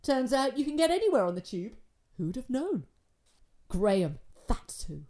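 A woman's voice: fairly high pitch, big pitch swings, normal speed, mellow. Wry woman narrating a story.

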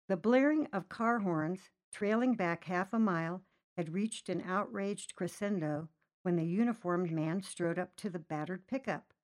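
A woman reading a short story aloud, narrating lively and voicing the characters' lines herself. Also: a little slow. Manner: lively, voices characters with raised pitch. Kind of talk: storybook narration with acted dialogue.

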